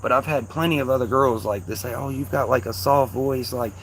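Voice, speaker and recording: A man from Kentucky with a Louisville accent and a soft, slightly raspy voice, rambling casually to his viewers on a livestream in slang. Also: mid-range voice, brisk, slight background noise.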